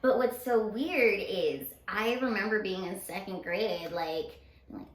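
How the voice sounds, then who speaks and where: A woman's voice: mid-range voice, unhurried. Woman chatting in an echoey room. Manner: friendly, laughs easily. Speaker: podcast co-host. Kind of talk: casual chat.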